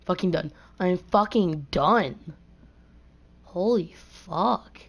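Drawing out her words in a fairly low voice, a woman rants on a live game stream, profanely complaining about the other team and her computer. Her frustrated outburst comes through a gaming headset mic.

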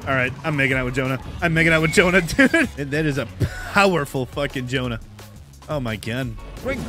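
A man streams a horror game and reacts to every moment with loud, profane outbursts. His voice sits a little high and swings wildly up and down. Game music plays clearly underneath him. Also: animated, brisk. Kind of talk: live gameplay commentary.

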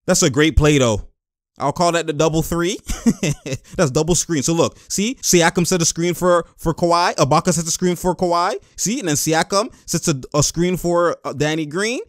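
A young man talks over game footage in a lively, swooping voice that sits a little high. He breaks out in exclamations and laughs often. The close mic sounds dry, with no room echo. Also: moderate pace. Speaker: host. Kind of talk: casual game-watching commentary.

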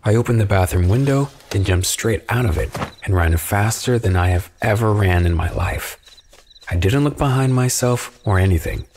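A man calmly narrating a first-person horror story from a script. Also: fairly low pitch, moderate pace, slight background noise.

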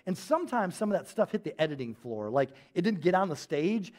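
A man preaching a sermon in a church, telling stories in a casual, animated way with lots of filler words. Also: sits high, a little fast, few pauses. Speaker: pastor.

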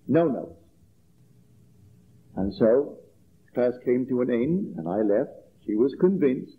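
A man lectures at a middle pitch in a measured, emphatic way, leaning on his key phrases and repeating them. His voice comes through thin and tinny, like an old archival tape heard down a phone line. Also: a little hiss or hum. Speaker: spiritual lecturer. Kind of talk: lecture with personal storytelling.

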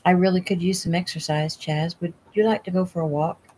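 A woman's voice: fairly low pitch, fairly even intonation, brisk, a little mellow, husky. A woman voicing a feisty, stubborn young woman in a storybook reading, wry and matter-of-fact. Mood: steady, wry.

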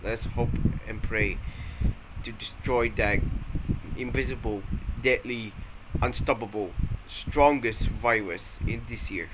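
A man talks in a loose, playful ramble, stopping and restarting as he goes. His voice sits at a middle pitch. An air conditioner hums clearly behind him the whole time. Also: slow, noisy background. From Malaysia. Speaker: vlogger. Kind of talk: casual rambling vlog.

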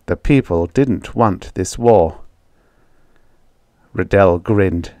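Brief: male audiobook narrator, slightly low voice, measured delivery, dry close mic. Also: no echo. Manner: measured, even storytelling. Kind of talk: scripted story narration.

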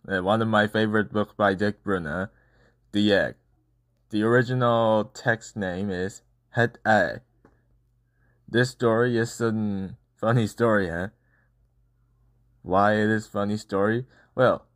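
A man's voice: on the low side, fairly even intonation, measured pace, no room sound, studio quality. A man, the channel host, reading a children's picture book aloud in an upbeat, playful way. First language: Korean. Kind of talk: children's story read-aloud.

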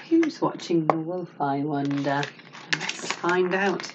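A woman teacher reads a picture book aloud to children, asking them questions and gasping at the twists in an animated way. Her voice sits low and slow, recorded muffled over a noisy background.

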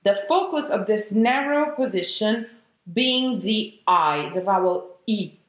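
A woman, an opera diction coach teaching vowels slowly and demonstrating each sound. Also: medium pitch, animated. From Italy. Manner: slow, deliberate, sings out example vowels. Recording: echoey room.

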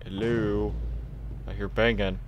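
A man's voice: on the low side, flat delivery, slow pace, dull audio, heavy background noise. A young man giving chatty, joking let's play commentary and talking to the game characters. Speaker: gaming streamer.

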